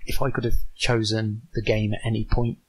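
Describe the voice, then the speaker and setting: A man guest on a podcast, talking casually about designing a board game, halting with many ums and restarts. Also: fairly low pitch, monotone, slightly rough, rough recording.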